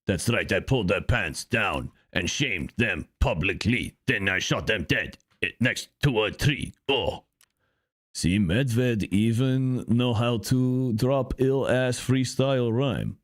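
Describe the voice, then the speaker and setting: A man's voice: mid-range voice, slow, no echo, clean studio sound. A man voicing a boastful male Russian bear mercenary in broken English with a put-on Russian accent, talking about himself in the third person during a gaming session. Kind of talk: gaming commentary skit.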